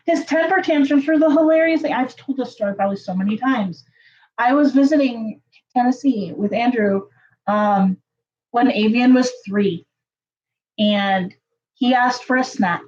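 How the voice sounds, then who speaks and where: A woman telling a story to her viewers in a casual, chatty way, full of fillers and lively jumps in pitch. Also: measured pace, pauses often, lo-fi sound, a little hiss or hum. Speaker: channel host.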